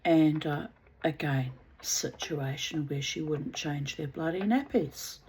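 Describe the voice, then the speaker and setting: A woman's voice: low-pitched, slow pace, darkish tone, a little hiss or hum, low-quality recording. A woman telling a personal story in a blunt, casual way, swearing freely and laughing at herself.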